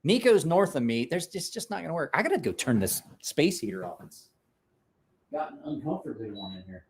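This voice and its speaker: A man's voice: a little high, sing-song, brisk, a little hiss or hum. A man chatting casually on a live stream, rambling, restarting words, and talking to his dog in between.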